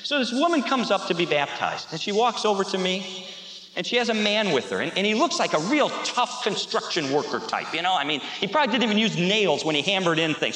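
Animated high-voiced preacher in an echoey hall. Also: male voice, brisk. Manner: animated storytelling preacher, rising to shouts. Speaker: pastor. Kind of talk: sermon.

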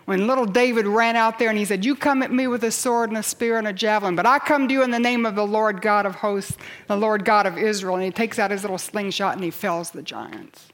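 A woman preaching a sermon to a congregation in church, building to loud cries and dropping to near whispers. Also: medium pitch, fairly quick.

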